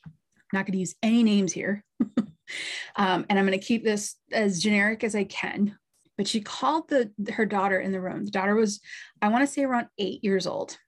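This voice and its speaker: Speaking at a normal speed in a mid-range voice, a middle-aged medium and podcast host narrates a story conversationally. She sprinkles in asides and small laughs along the way.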